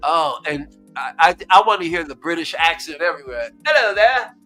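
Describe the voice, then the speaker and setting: An American man hosting a stream, talking in a casual, animated way that keeps repeating words. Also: a little high, fairly quick, faint music behind. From United States. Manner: animated, excitable, repeats words, laughs often. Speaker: stream host. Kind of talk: casual chat.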